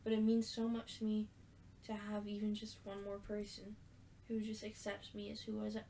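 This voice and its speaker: A woman reading aloud the lines of a hurt but gentle young woman from a story game, in an earnest voice. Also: medium pitch, completely flat delivery, moderate pace, slight background noise, lightly acted. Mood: tender.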